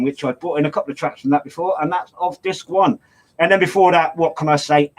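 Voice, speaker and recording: An older man presenting a radio show, chatting casually and rambling as he reads out track details and shout-outs. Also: on the high side, rough recording.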